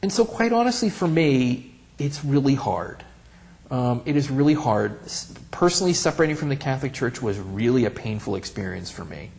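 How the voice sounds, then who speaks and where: Gravelly man telling wry stories. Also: medium pitch, normal speed. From Central Pennsylvania. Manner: wry, animated, acts out quotes when storytelling. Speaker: oral history interviewee. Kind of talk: candid conversational storytelling.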